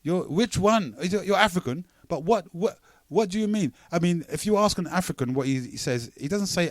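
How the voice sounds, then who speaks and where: A man's voice: high-pitched, animated, a little fast, dry recording. A man hosting a radio talk show, arguing his point emphatically and firing off rhetorical questions.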